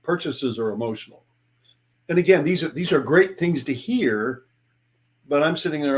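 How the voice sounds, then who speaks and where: A man's voice: medium pitch, moderate pace. An older man, a sales speaker and author, telling stories in an interview and acting out sales dialogues in changing voices. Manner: animated, acts out sales dialogues in different voices. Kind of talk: interview guest storytelling.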